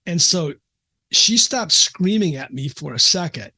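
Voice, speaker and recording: A man's voice: fairly high pitch, expressive, unhurried, bright, forceful tone. A middle-aged man from the American Midwest, a psychiatrist guest, telling an earnest, emotional story in a casual interview with frequent restarts.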